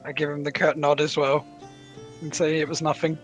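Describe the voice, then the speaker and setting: Guy playing d&d, short and to the point, bit higher voice, music faint behind. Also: flat delivery, fairly quick. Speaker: player. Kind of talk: casual tabletop play.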